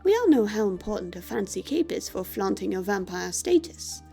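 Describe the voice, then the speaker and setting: A woman's voice: mid-range voice, sing-song, moderate pace, gravelly, mellow, faint music behind, pitched below the performer's own voice. A woman voicing a vain, fussy male vampire who speaks theatrically and melodramatically, reading a game aloud. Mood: dramatic. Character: vain dramatic male vampire, fussy about his cape.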